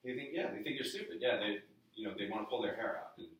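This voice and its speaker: Man, low voice, from the New York area, workshop presenter, casual coaching talk, echoey room, distant mic. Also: lively intonation, fast, fairly bright tone, a little hiss or hum. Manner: conversational coaching, asks the room questions. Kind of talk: live sales training talk. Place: office meeting room with a live audience.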